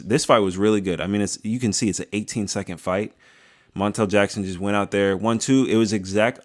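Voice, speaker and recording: Slangy joking young man, lower voice. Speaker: video creator reviewing fights. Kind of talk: casual reaction commentary.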